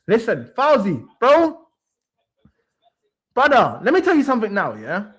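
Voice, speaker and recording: A man's voice: high voice, measured pace, long pauses, husky. A young man, hosting a football livestream and ranting heatedly, swearing and repeating his points. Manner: animated, swearing, repeats phrases for emphasis. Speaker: sports stream host.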